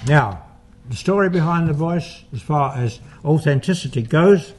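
A man working as a paranormal investigator, calmly recounting his experiments in a measured, explanatory way. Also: fairly high pitch.

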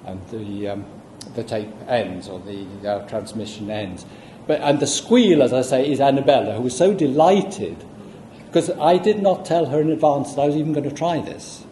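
A man giving a public lecture, explaining at a measured pace with asides to the audience. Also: mid-range voice, mellow, a little hiss or hum. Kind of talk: public lecture with audio playback. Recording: echoey room, faint ambience.

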